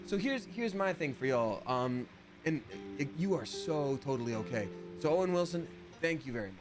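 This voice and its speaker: A man's voice: medium pitch, animated, normal speed, music in the background. A man in his thirties chatting casually while playing a video game live, reading chat aloud and slipping into playful voices.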